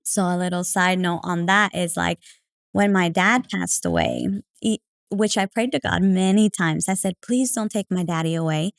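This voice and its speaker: A woman's voice: on the low side, normal speed, vocal fry, no room sound. Chatty woman telling stories, dry sound. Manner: chatty, full of fillers like "like" and "you know"; animated, acting out quoted remarks. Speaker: podcast guest. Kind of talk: casual conversational storytelling.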